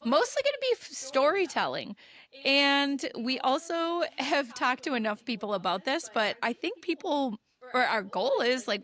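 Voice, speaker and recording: A woman with a Wisconsin Midwestern accent, chatting loosely as a podcast co-host. Her voice sits a little high, and she rambles with plenty of fillers and laughs. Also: fairly bright tone. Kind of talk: casual chat between sisters.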